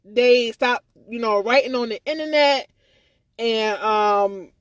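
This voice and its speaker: Ranting on a casual live stream, a woman speaks at a slow pace in a fairly high voice, rambling, upset, and going over the same points. Curses come freely, and her restarts come out stammered; the audio has no room sound.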